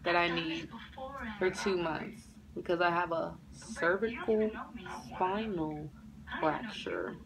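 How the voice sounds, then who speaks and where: A young woman in a neck brace telling a story in an animated, profane, casual way and acting out everyone's voices. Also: on the low side, slow, vocal fry, crowd noise, low-quality recording. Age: young adult. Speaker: vlogger.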